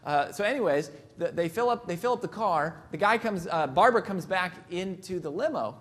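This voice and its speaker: Male keynote speaker, a touch high-pitched, joking storyteller at a convention mic. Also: expressive, brisk, fairly bright tone. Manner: storytelling, jokey, acts out voices. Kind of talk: live motivational talk.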